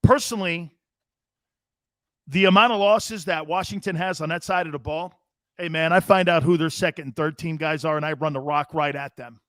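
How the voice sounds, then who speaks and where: This man in his fifties speaks at a normal speed in a fairly bright voice on the high side, recorded cleanly in a studio with no room sound. As a sports talk host he reads live comments casually, swearing freely, sounding brash and laughing between lines.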